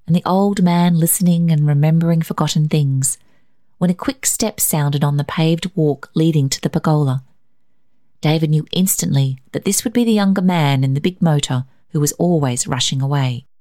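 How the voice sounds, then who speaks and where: Low, warm woman reading a story. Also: no echo, clean studio sound. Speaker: narrator. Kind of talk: scripted narration.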